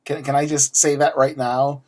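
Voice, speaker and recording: A foul-mouthed man in his forties talks his way through a subscription box at an ordinary middle pitch. He rants sarcastically and stumbles over repeated words. Nothing about his voice stands out beyond the attitude. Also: level tone, normal speed, darkish tone. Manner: ranty, profane, sarcastic, frequent restarts. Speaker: unboxing vlogger. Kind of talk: casual unboxing chat.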